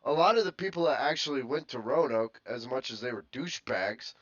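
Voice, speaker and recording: Male podcast co-host, animated delivery, dull dry mic. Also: medium pitch, a little fast, no echo. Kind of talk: casual podcast chat.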